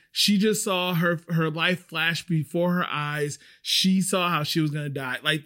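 Guy podcaster rambling thru a story, kinda high voice, lots of "like", swears a bit. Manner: animated, chatty, swears, frequent filler "like". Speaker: podcast host. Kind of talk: casual storytelling.

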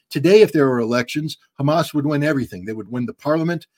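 A man answering interview questions bluntly, often repeating words and filling pauses as he searches for his phrasing. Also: fairly high pitch, darkish tone. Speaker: guest commentator.

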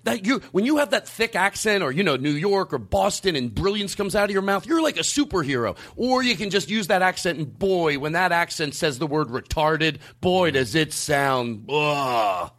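A man hosting a podcast in casual chat, talking in a rambling, animated way with some swearing. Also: high voice, moderate pace, hardly any pauses. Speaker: podcast host.

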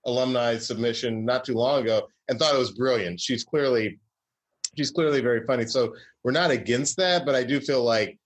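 Southern-raised comedy writer, middle-pitched, wry, rambling guest storyteller. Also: male voice, a little fast. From Southern US, Georgia. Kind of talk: casual interview chat.

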